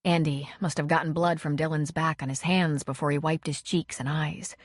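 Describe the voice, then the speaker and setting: Woman reading an audiobook, lowish voice, dead dry close mic. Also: fairly even intonation, moderate pace, no echo. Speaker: audiobook narrator. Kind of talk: scripted narration.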